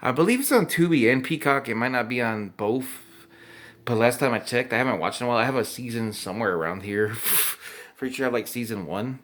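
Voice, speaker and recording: A man's voice: medium pitch, expressive, fast talker, a bit bright. A drunk young man rambling and swearing as he reacts to old commercials, laughing often. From Texas.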